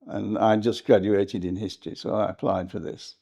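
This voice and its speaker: An older English historian reminiscing in an interview, rambling and hesitant, with frequent laughs. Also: male voice, lowish voice, flat delivery, moderate pace, gravelly, warm tone. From England. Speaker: historian guest.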